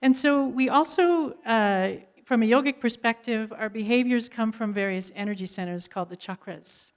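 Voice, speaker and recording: Calm woman introducing a meditation. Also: a little high, moderate pace. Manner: calm, explanatory. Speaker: yoga teacher.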